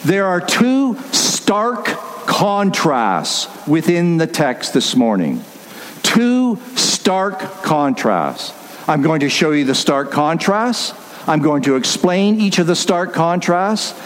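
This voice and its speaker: A man's voice: on the high side, sing-song, takes it slowly. A man preaching a sermon as pastor, emphatic and repetitive, laying out his points step by step.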